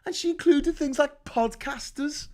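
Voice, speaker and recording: A man's voice: very high voice, measured pace. A man from the North of England, ranting casually and sarcastically on a live stream, swearing a lot and rambling.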